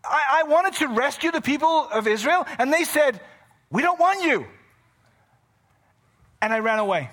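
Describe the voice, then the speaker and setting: A man's voice: very high voice, very animated, moderate pace, pauses often, a bit bright, voice pushed up, full character voice. A man doing a guilt-ridden older runaway, anguished. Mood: regretful. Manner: pleading, anguished confession. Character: guilt-ridden aging male runaway, self-blaming.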